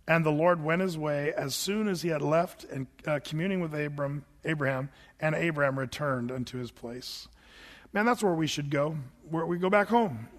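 High-voiced folksy preacher man. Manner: folksy, chatty, quick to laugh. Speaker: pastor. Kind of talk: sermon with storytelling. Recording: long hall reverb.

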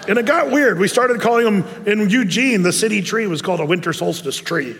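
High-voiced man preaching in a hall. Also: lively intonation, fairly quick, hardly any pauses, a bit bright. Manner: conversational, digressive, with many restarts. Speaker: pastor. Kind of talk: sermon.

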